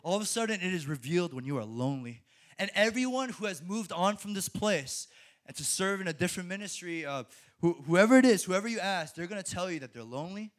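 Young male preacher, high voice, animated, laughs often and stumbles into restarts. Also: fast talker. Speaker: speaker at a college ministry. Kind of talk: sermon.

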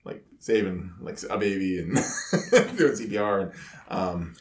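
A man hosting a casual firefighter podcast, talking in a relaxed, rambling way with chuckles. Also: sits low, unhurried, reverberant. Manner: relaxed, rambling, laughs between words. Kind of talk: casual chat.

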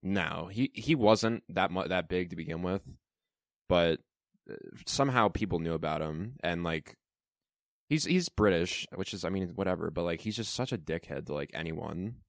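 Male co-host, very deep voice, dry sound, dismissive and profane. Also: normal speed, no room sound. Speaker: podcast co-host. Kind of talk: casual commentary chat.

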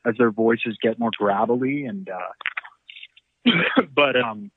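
A middle-aged actor chatting in an interview, rambling through stories with a self-deprecating streak. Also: male voice, medium pitch, takes it slowly, slight background noise. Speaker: actor guest. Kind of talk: casual interview chat. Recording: tinny phone-like line.

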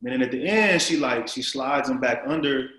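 Animated storytelling man in a roomy space. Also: medium pitch, normal speed. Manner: rambling, filler-heavy, animated. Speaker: interview guest. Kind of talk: casual storytelling.

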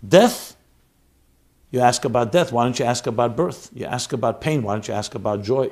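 A man's voice: medium pitch, normal speed, a little mellow. A man giving an earnest, emphatic Torah talk as a rabbi, full of rhetorical questions.

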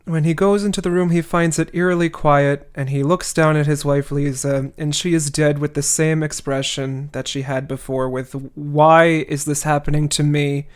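A man's voice: a little high, steady tone, moderate pace, few pauses, clear, resonant tone. A man hosting a podcast, casually retelling a classic novel with wry, chatty asides. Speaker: podcast host. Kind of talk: casual book recap.

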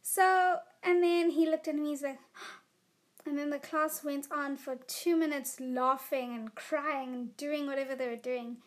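A woman's voice: high-pitched, measured pace. A teenage girl, telling funny stories in a casual solo podcast, chatty and giggly, full of "like" and "you know". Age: teens. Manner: giggly and animated. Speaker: podcast host. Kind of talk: casual storytelling monologue.

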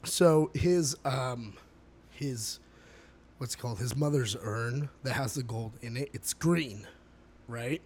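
A man's voice: medium pitch, slow pace, darkish tone, breathy edge. A man co-hosting a casual film podcast, rambling with many fillers and laughing often. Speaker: podcast co-host. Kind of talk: casual movie review chat.

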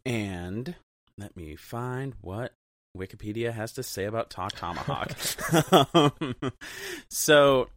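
Slow, low-voiced podcast co-host. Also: male voice, dry recording, clean studio sound. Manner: laughs often, fillers, jokey asides. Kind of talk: casual chat.

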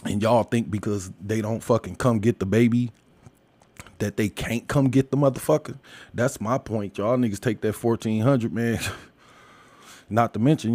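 A man's voice: fairly low pitch, dry recording. Profane ranting man, dry close sound. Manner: crude, loud, laughs often. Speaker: commentator. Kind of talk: casual profane rant.

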